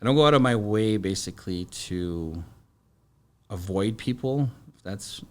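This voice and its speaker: A middle-aged man, a podcast guest, telling stories in a halting, plain-spoken way full of fillers and restarts. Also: lowish voice, expressive, a little mellow. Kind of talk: casual storytelling.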